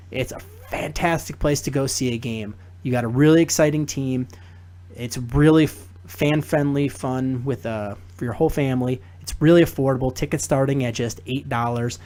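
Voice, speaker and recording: A man's voice: medium pitch, moderate pace. A young man hosting a casual sports talk podcast, reading a sponsor spot and chatting with guests. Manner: animated, laughs while telling stories. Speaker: podcast host.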